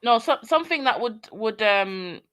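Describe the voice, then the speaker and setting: A woman's voice: fairly high pitch, expressive, moderate pace, fairly bright tone, no echo. A woman from Liberia on a live panel, teasing and arguing with the others and laughing as she pushes them. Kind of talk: casual panel chat.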